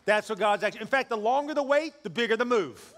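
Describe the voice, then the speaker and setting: A man preaching a sermon to a congregation, lively and joking, building to loud peaks. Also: sits high, fast talker, a little hiss or hum. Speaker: pastor. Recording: long hall reverb.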